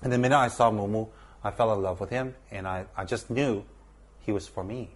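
A man telling a personal story in an earnest, measured way, repeating words for emphasis. He is a teacher with students at a monastery. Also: on the low side.

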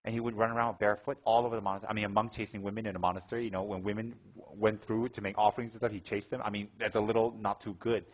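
Male Buddhist teacher, low voice, fast talker, animated storytelling, acts out gasps. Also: poor audio. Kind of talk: dharma talk with anecdotes.

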